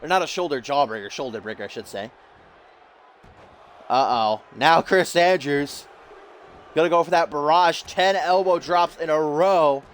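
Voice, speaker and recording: A man doing jokey, excitable play-by-play commentary over a wrestling video game, getting loud at the big moments. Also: a little high, moderate pace, a little hiss or hum.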